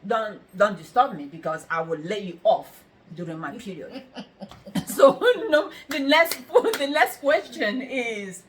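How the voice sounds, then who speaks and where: A middle-aged woman hosting a casual chat, telling a story in a lively way, quoting people and throwing in exclamations. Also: mid-range voice, unhurried, a little hiss or hum.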